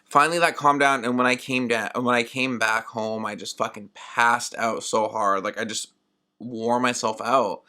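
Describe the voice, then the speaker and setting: Bright-voiced young man rambling animatedly. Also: mid-range voice, moderate pace. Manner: rambling and animated, heavy use of "like"; acts out his own past words in quoted asides. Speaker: podcast host. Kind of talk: solo podcast storytelling.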